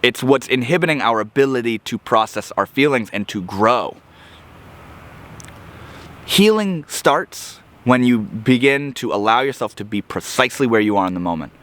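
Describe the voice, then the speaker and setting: A man's voice: medium pitch, lively intonation, moderate pace, a bit bright. A man giving a reflective motivational monologue to camera, earnest and searching, often restarting his phrases as he thinks. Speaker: self-help video creator.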